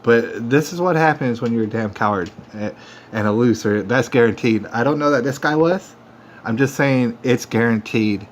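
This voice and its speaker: A man's voice: medium pitch, moderate pace. A man hosting a livestream, talking straight to viewers in a defiant, repetitive rant that keeps working itself up. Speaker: livestream host. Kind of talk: ranting monologue to viewers. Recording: dull lo-fi phone stream audio with faint noise.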